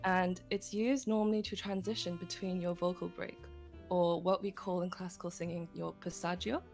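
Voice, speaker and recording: A woman's voice: lowish voice, little pitch movement, moderate pace, gravelly, darkish tone, soft background music. A woman teaching singing technique on a livestream, explaining step by step with frequent light laughs. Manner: patient, giggly, explains step by step.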